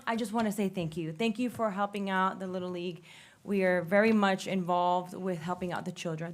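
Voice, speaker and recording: A woman, out of breath from walking to the podium, thanking the council in an apologetic, grateful way. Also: fairly low pitch. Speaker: public commenter.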